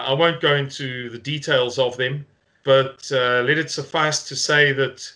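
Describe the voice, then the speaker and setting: A South African man records an earnest update for his followers. His voice sits a little high and rings bright and forceful, and he takes his time over every phrase with a rallying, deliberate weight. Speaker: movement spokesman. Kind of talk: video update to supporters.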